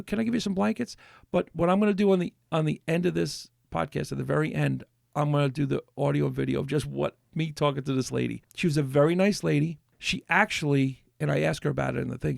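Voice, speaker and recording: A man's voice: fairly high pitch, gravelly, no room sound, clean studio sound. A man hosting a podcast, telling rambling stories in a casual chat with lots of restarts. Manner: rambling storyteller with many restarts. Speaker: podcast host.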